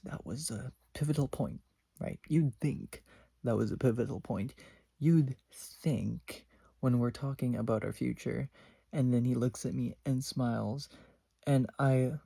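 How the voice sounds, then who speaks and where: Teen boy vlogger, exasperated storytime rant, gravelly and dark tone, dry sound. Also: medium pitch, no echo. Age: teens. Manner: exasperated, dips into whispers.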